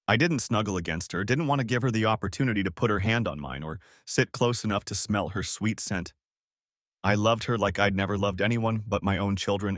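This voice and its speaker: Lowish lively male audiobook narrator. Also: no echo, studio quality. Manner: bitter, intense storytelling. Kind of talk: first-person dramatic story narration.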